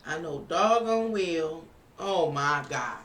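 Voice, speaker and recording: A live streamer who also reads tarot chats casually with viewers, thinking aloud while working at a computer indoors. The mid-range voice is expressive, unhurried, and a bit bright. The recording sounds roomy, with a distant mic and faint music.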